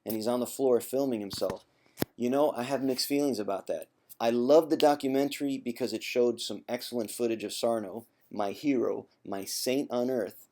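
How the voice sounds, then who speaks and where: A man, a former chronic pain sufferer, talking straight to camera in a vlog with an emphatic, teasing tough-love delivery, clearing his throat now and then. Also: medium pitch, normal speed, darkish tone. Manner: conversational, with frequent throat clearing. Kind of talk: direct-to-camera vlog monologue.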